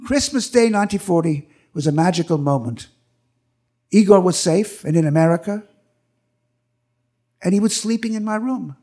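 Older man telling a story on stage, high voice. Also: moderate pace, pauses often. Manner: animated, acts out quoted voices. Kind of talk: live personal storytelling. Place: stage at a live event.

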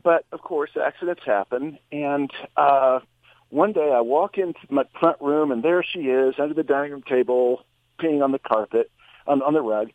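A male psychotherapist, a guest on a show, tells a personal story with animated shifts in his voice. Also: on the high side, moderate pace, dry recording. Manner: animated storyteller, voice rises for quoted lines. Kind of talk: anecdotal storytelling. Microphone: phone. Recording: tinny phone line.

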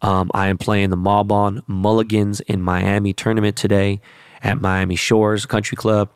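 Brash profane man with a low voice. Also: little pitch movement, normal speed, smooth, dry recording, studio quality. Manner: brash, profane, rambling slang-heavy talk. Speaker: vlogger. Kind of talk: casual profane monologue.

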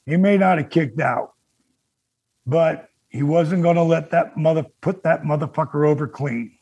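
A man's voice: on the high side, normal speed, darkish tone, husky. An older man hosting a podcast, reading out an emotional tribute, choked up and near tears, swearing as he talks. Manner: reads a tribute, breaks into tears and profanity. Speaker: podcast host.

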